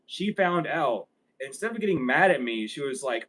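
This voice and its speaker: A man's voice: mid-range voice, lively intonation, normal speed, a bit bright, rough recording. A young man vlogging a casual story. He rambles, swears freely and laughs often as he talks.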